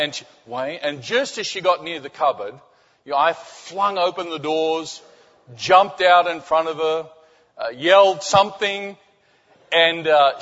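Animated preacher man in a reverberant hall. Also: a little high, highs cut off. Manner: animated storytelling, many restarts, drops to soft intimate tones. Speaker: pastor. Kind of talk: sermon with personal story.

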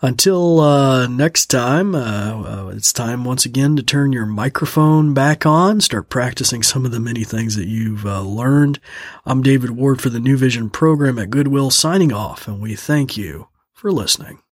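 In a medium-pitched voice at a moderate pace, a man leads a tech training program, chuckling and folksy as he goes through each step. It's a casual tutorial, recorded dry and close on a studio mic.

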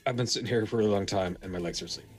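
Male game master, low voice, rambling casual narration over a faint music bed. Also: very fast. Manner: loose, filler-heavy narration.

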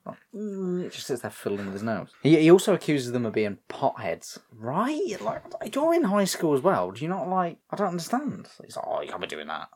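Man, casual co-host, lively pitch, sweary, mimics voices while retelling scenes. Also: a little fast, few pauses, breathy edge. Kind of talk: casual chat.

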